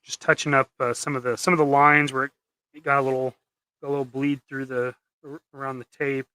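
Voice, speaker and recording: Flat, brisk, and sharp yet smooth, this medium-pitched man speaks in a dry recording. He paints custom action figures on a live stream, rambling and joking with viewers, frequently restarting what he says.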